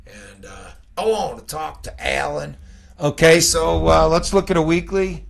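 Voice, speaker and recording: Gravelly-voiced man, middle-aged, casual trading teacher; rambling chart talk, constant "okay?" check-ins. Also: a little high, a little slow. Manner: rambling, conversational, peppered with "okay?". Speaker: futures trading educator.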